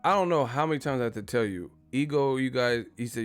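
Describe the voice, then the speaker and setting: A man's voice: medium pitch, lively intonation, fast talker, faint music behind. A man hosting a casual boxing live stream, talking loosely and profanely and reading out viewer messages. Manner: laid-back, profane, reads viewer messages.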